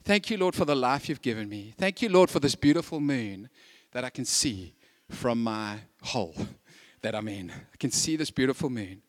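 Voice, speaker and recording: A man voicing a humble, grateful male donkey who prays softly and reverently from inside a hole. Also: a little high, big pitch swings, moderate pace, no echo, studio quality, voice pushed down.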